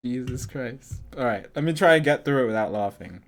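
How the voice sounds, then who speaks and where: A woman's voice: rumbling low, expressive, brisk. A woman streaming a game playthrough, laughing and commenting on it. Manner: giggly, self-mocking.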